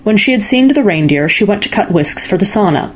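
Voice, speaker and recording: A woman reading a fairy-tale story aloud in calm, measured narration. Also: medium pitch. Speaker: story reader. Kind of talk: scripted narration.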